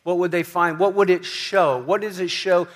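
A man's voice: sits high, fairly even intonation, moderate pace, fairly bright tone. A man preaching a sermon in a church, emphatic, often repeating questions and asking "right?". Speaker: pastor.

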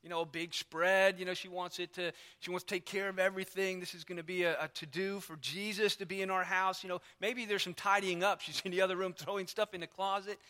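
Chatty male preacher, high and bright. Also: level tone, quick pace, few pauses. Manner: conversational, storytelling, lots of asides. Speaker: pastor. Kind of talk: sermon. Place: church.

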